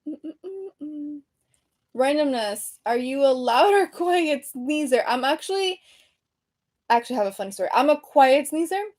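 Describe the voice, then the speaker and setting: Woman in her thirties, chatty, lots of ums, slightly high voice, home livestream at a desk. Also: animated, measured pace, a little mellow. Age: 30s. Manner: chatty, many ums and restarts. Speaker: creator hosting a livestream. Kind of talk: casual livestream chat reading comments. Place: room at home. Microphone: computer webcam mic, seated at desk.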